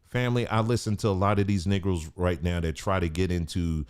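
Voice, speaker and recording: A man with a fairly low voice delivers an opinion vlog to his audience. He sounds preachy and emphatic, and he leans on rhetorical questions to drive his points home. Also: fairly even intonation, brisk, a little mellow, smooth. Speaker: host of a commentary channel.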